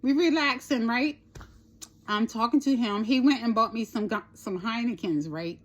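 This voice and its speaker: A chatty woman with a slightly high voice recounts a trip in a loose, rambling storytime style. She swears casually and keeps checking in with "right?", speaking. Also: moderate pace. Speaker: storytime vlogger.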